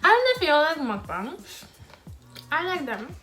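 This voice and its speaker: A woman's voice: sits high, big pitch swings, moderate pace, bright, forceful tone, soft background music. A young woman who films herself eating at home and chats to the camera in a blunt, frank way, talking between bites. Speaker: mukbang vlogger. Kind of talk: casual talk while eating.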